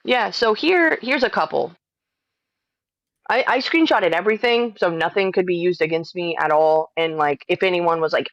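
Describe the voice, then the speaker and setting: Woman, livestream chat, exasperated, swears a lot, halting restarts, dull cheap mic. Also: fairly low pitch, animated, dry recording. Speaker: streamer responding to accusations. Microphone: cheap microphone.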